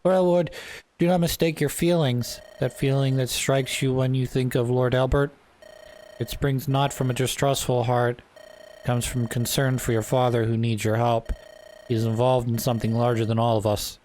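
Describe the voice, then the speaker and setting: A man's voice: medium pitch, fairly even intonation, moderate pace, a little mellow, a little hiss or hum, natural voice. Loyal male knight retainer, reassuring, earnest, game dialogue, read by a man.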